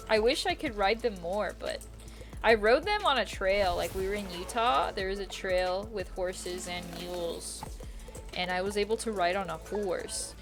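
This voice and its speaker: A woman's voice: medium pitch, unhurried, soft background music. A young woman streaming a game, chatting casually, giggling often, with slang and swearing. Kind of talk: casual chat while gaming.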